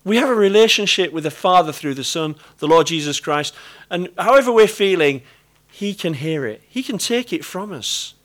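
A middle-aged man with a British accent gives a sermon. His voice sits a little high, and he talks in an earnest, conversational way, often repeating his key phrases. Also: fairly bright tone. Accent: British English. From Britain. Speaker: preacher.

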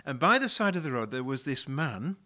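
A man's voice: mid-range voice, very animated, brisk, pushed and bright. A male pastor preaching a sermon, retelling a story in a conversational way and often repeating words as he restarts a thought.

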